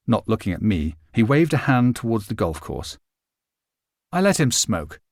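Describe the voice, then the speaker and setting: A man with a lowish voice narrates a novel aloud in a measured, expressive storytelling style. It's scripted narration, recorded dry with clean studio sound.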